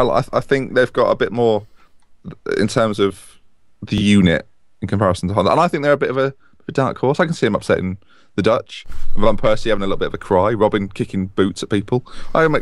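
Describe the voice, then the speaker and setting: A man's voice: on the low side, no room sound. A man co-hosting a casual football podcast, talking in an enthusiastic, rambling way and often correcting himself. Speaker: podcast co-host.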